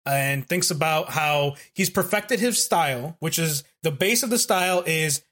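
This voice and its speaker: A man recapping an anime in casual chat, animated and profane, acting out the characters as he retells. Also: fairly high pitch, measured pace. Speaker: podcast host recapping an anime.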